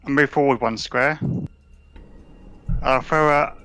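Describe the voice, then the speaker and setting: A man's voice: medium pitch, fairly even intonation, slow pace, sharp tone, soft background music. A man playing a tabletop game, talking casually and thinking aloud as he plans his turn. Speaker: player.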